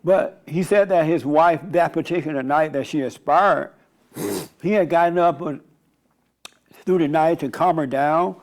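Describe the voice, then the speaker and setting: A man's voice: fairly high pitch, measured pace, a little mellow. A man, a pastor and radio host, giving a casual, conversational online sermon in a rambling storytelling way. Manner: rambling, storytelling, frequent restarts.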